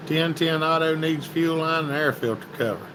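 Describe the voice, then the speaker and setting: A man's voice: fairly high pitch, normal speed, background noise. A man hosting a casual livestream, reading viewer comments and greeting people by name in a folksy, chatty way. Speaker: livestream host.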